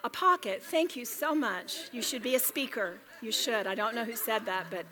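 A woman's voice: on the high side, animated, normal speed, a bit bright. A woman giving a Bible study talk to a room of women, chatty and joking yet earnest. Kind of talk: sermon.

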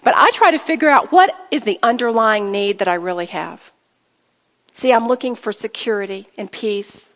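A woman's voice: on the high side, expressive, normal speed, fairly bright tone. A woman teaching a women's Bible study, earnest and exhorting, often acting out sample prayers aloud. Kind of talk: sermon. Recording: hall reverb.

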